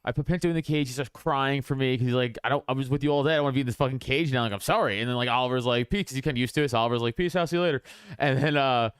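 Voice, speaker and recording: A man's voice: medium pitch, racing, clear, resonant tone, no room sound, clean studio sound. A young man co-hosting a podcast, telling a story in casual chat, acting out quoted voices and laughing often. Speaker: podcast co-host.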